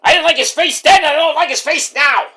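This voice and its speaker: A man voicing a hot-tempered male wrestler ghost who shouts and rants, then quickly apologizes. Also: very high voice, pitched above the performer's own voice. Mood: boastful ranting.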